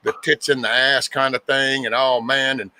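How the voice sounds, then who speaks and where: A man's voice: mid-range voice, little pitch movement, normal speed, bright, forceful tone, dry recording. A man from the United States, hosting a podcast in casual chat, laid-back and rambling as he reflects. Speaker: podcast host.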